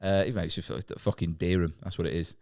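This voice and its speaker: Man, very low voice, fast talker, rambling and sweary, casual podcast storytelling. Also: steady tone, vocal fry, a little mellow. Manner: rambling, swearing, frequent restarts. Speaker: comedian podcast guest.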